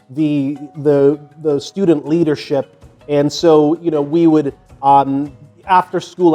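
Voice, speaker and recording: An older man spins a loose, profane story from his youth in a slightly high voice, circling back with fillers and restarts. Soft music plays faintly under his talk. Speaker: fitness vlogger. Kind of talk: casual storytelling.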